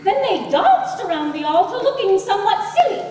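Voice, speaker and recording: A woman's voice: extremely high pitch, sing-song, brisk, very noisy. A woman narrating a comic church reenactment in a dry storybook manner, with wry asides. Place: large church hall with audience. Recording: echoey hall, far from mic, loud crowd.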